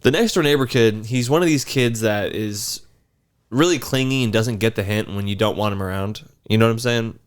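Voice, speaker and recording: A man's voice: lowish voice, brisk, clean tone. A man in his thirties casually telling a long, rambling story on a podcast. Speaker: podcast co-host.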